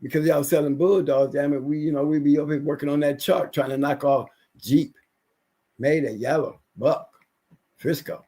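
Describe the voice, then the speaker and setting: A man with a notably high voice holds forth on a livestream. He rants emphatically, often circling back and repeating his points. He has been unwell lately. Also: fairly even intonation, moderate pace, warm tone. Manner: ranting, repetitive, emphatic. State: recovering from illness. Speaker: livestream guest. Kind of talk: casual livestream rant.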